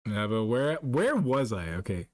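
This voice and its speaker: A Canadian man streaming live, reading chat and ranting about vaccines, exasperated and profane, swinging between loud outbursts and low muttering. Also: sing-song, a little slow, dry recording, studio quality. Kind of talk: casual livestream chat.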